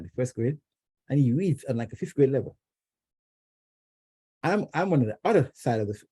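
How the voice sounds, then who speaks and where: A man from Jamaica tells a family story to his club, his voice husky and very dark. His pitch swings widely as he acts out quotes, and he stumbles and restarts often. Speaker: club member giving an icebreaker speech. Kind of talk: personal prepared speech. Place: club meeting room.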